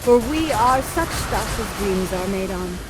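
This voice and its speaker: A woman playing Prospero, slow solemn sorcerer. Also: mid-range voice, animated, noisy background, close to an everyday voice. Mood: wistful. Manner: slow, measured, theatrical delivery. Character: Prospero, aging male sorcerer, solemn and wistful. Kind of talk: Shakespeare verse recitation. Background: background music.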